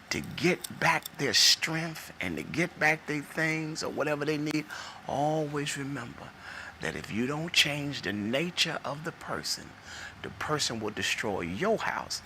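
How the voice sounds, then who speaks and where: An earnest man in his forties delivering a personal testimony with a preacher's rhythm. His voice is very bright and forward, sitting at a middle pitch. A faint hum of background noise sits under him. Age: 40s. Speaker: speaker sharing his testimony.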